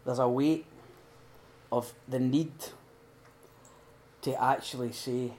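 Man, middle-aged, earnest informal sermon, shifts between emphatic and hushed. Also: mid-range voice, steady tone, slow, pauses often, a little hiss or hum. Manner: earnest and heartfelt, swinging from loud emphasis to hushed prayer. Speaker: speaker at a recovery retreat.

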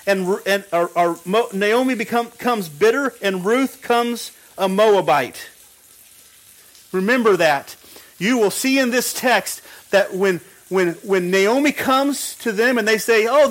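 High-voiced man preaching with emphatic repetition. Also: a bit bright, rough recording. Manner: emphatic repetition, frequent restarts. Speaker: pastor. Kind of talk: sermon.

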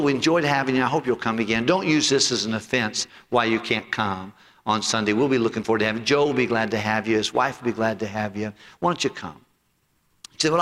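A male pastor preaching a sermon and telling a personal story in earnest, sinking low and soft when he quotes people. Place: church sanctuary. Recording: long hall reverb.

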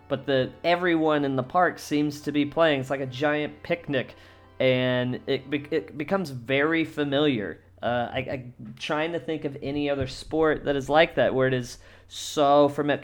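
A man who is a stand-up comic hosts a casual comedy podcast, rambling with many fillers and restarts, and swearing freely. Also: mid-range voice. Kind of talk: casual monologue.

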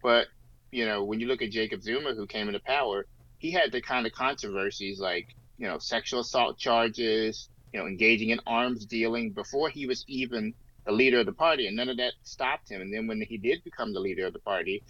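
Rambling low-voiced man, lo-fi. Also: brisk, pushed and bright, no echo. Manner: rambling, many fillers and restarts. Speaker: podcast co-host. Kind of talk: casual political discussion. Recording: dull lo-fi sound, dry.

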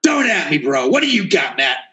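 High, animated ranting podcast man. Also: brisk, highs cut off. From Dallas, Texas. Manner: angry, profane, emphatic ranting. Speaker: podcast co-host. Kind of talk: profane ranting podcast chat.

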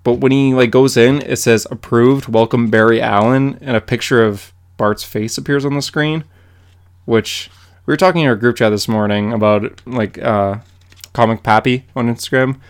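Young male podcast co-host, smooth clear voice, easygoing chatty recaps. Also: mid-range voice, moderate pace. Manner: animated, filler-heavy comic recaps. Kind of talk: casual chat.

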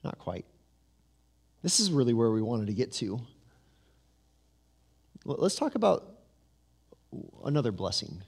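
A man preaching a sermon as pastor, telling the story with lively asides and humor, then dropping to a soft, low voice for weight. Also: vocal fry, breathy edge. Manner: drops to a soft, low voice for emphasis.

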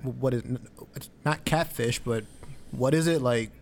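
Man co-host, relaxed and rambling, mid-range voice, easygoing conversational delivery. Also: medium pitch, unhurried, a little hiss or hum. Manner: laid-back, rambling, many fillers like "I mean" and "you know". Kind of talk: casual conversation.

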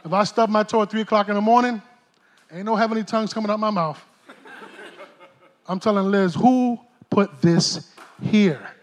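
A middle-aged pastor preaches in a very high voice for a man. His delivery is animated and streetwise, full of jokes and asides. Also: fairly quick, pauses often. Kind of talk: sermon. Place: church stage.

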